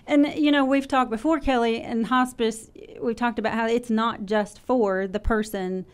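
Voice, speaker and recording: A woman radio host with a fairly high voice leads the interview. She talks in a friendly way and laughs easily. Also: steady tone, moderate pace, clear, resonant tone.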